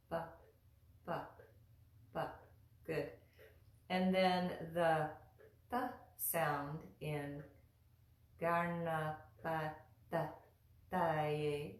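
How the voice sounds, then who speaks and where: A woman teaching mantra pronunciation slowly and patiently, chanting and repeating each sound for the listener to copy. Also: sits low, a little mellow, roomy sound. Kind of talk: slow, patient instruction with chanting.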